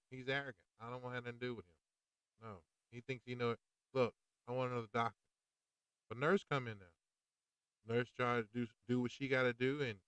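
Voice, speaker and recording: Fired-up man with a smooth voice. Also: mid-range voice, a bit bright, no echo, poor audio. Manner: fired-up, preachy, slangy and direct. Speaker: podcast host. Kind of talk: opinionated monologue.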